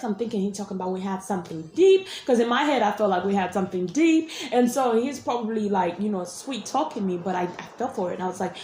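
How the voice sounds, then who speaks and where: Woman vlogger, rambling storyteller, mid-pitched voice, roomy echo with faint hiss. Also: darkish tone. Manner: rambling, full of restarts and asides. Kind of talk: casual storytelling vlog. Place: hotel room.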